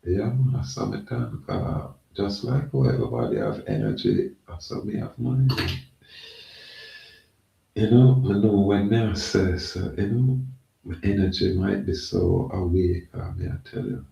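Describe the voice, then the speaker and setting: A man's voice: sits low, expressive, unhurried, gravelly, warm tone, highs cut off. A man talking in a rambling, emphatic casual monologue, repeating himself. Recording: echoey, from far off the mic.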